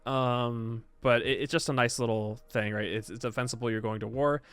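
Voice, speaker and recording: A man's voice: mid-range voice, fairly even intonation, moderate pace, fairly bright tone, clean tone, no room sound. A man streaming live, chatting casually and reacting to his chat as he reviews a game patch, rambling and stop-start, sometimes insistent.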